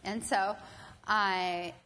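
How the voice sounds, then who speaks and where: A woman telling a personal story to an audience, animated and acting out other people's voices. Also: mid-range voice, drawn-out words, slight background noise. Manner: animated, acts out quoted voices. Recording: long hall reverb, faint ambience.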